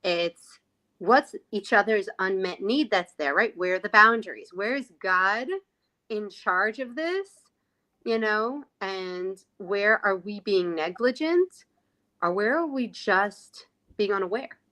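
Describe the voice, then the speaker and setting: Reflective woman guest, bright tone. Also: medium pitch, animated, slow pace. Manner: reflective, searching for words, many fillers. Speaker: podcast guest. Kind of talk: conversational podcast chat.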